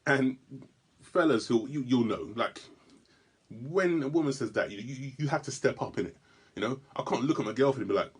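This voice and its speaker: A man telling a stand-up story in a comedy club, animated and given to sudden loud bursts and stammered restarts. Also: medium pitch, moderate pace, long pauses, slightly rough.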